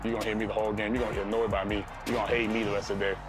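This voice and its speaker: A man's voice: fairly low pitch, flat delivery, racing, loud music behind the voice. A young man, a football player, talking about trash talk in interview clips, laid-back and boastful. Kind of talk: interview sound bites.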